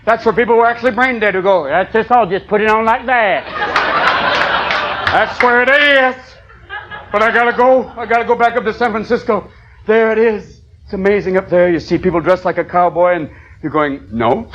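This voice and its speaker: Manic high-voiced man on a comedy stage. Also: dull audio. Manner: manic, rapid-fire voices and shouts. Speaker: stand-up comedian. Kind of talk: improvised stand-up routine. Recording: loud crowd laughter, noisy live room. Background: audience laughing.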